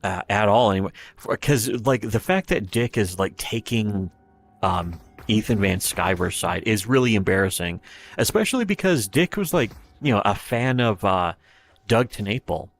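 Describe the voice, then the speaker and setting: Low-voiced man in rambling stream commentary. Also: lively intonation, normal speed, creaky, soft background music. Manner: profane, meandering, retelling scenes with quoted voices.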